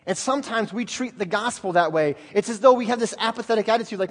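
High-voiced fervent preacher man, echoing hall. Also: quick pace, hardly any pauses. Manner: fervent preaching, swings from loud to hushed. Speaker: pastor. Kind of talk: sermon. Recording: long reverb of a church hall.

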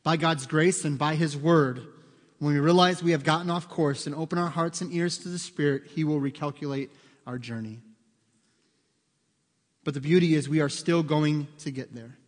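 A man preaching in a church, his voice pitched a touch high and trailing a long reverb through the hall. He talks conversationally, like telling a story to friends, and keeps checking in with "okay?" and "right?". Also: normal speed. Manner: animated storytelling with acted quotes. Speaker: pastor. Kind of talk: sermon.

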